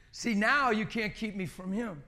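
A middle-aged man preaching, telling a personal story in an animated way and often repeating words. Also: sits high. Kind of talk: sermon.

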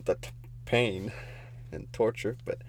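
A man's voice: lowish voice, steady tone, takes it slowly, a little hiss or hum. A young man co-hosting a casual podcast, telling a rambling story and laughing as he goes. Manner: rambling, laughs often, loses his thread. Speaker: podcast co-host.

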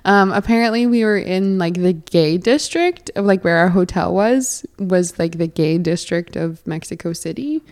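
A woman's voice: on the low side, moderate pace, hardly any pauses, darkish tone. A young woman from Canada, a podcast guest, chatting casually and giggling often. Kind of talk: casual chat.

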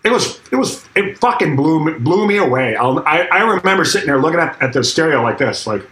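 A middle-aged drummer, a guest in an interview, casually tells a story while acting out quotes and swearing freely. His voice runs high and a little fast, pushed and bright, with big pitch swings. Faint noise and echo mark the room.

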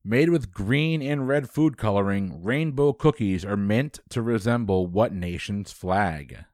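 A man hosting a trivia quiz, reading questions briskly and dropping dry quips. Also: fairly low pitch, a little mellow, no room sound.

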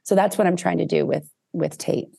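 Canadian woman, podcast guest, low raspy gravelly voice, dry close sound, lively storyteller. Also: brisk, dry recording. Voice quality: gravelly, husky. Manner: animated, expressive, with big pitch swings and laughs. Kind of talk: casual storytelling.

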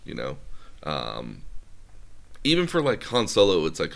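A man's voice: extremely low pitch, huge pitch swings, a little slow, creaky. A man casually retelling a film plot, rambling with lots of fillers. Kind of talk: casual chat.

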